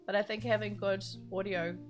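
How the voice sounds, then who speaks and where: A woman's voice: mid-range voice, fairly even intonation, fairly quick, over music. Chatty New Zealand woman streaming. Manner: chatty, rambling, giggles often. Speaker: live streamer. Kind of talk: casual live-stream chat while gaming. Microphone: standalone studio mic.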